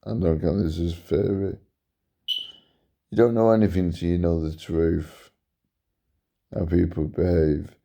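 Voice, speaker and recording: A tired male vlogger rambles to camera in a meandering, repetitive monologue, yawning now and then and repeating himself. His voice is dark and gravelly with little pitch movement, unhurried with frequent pauses, yet it makes sudden pitch jumps.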